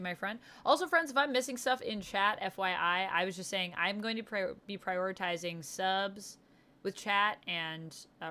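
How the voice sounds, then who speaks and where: A woman's voice: mid-range voice, bright, forceful tone. A woman hosting a casual livestream, chatting enthusiastically about comics and reading out viewer comments as she answers them. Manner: enthusiastic comic-book fan talk. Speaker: livestream host. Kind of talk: casual chat.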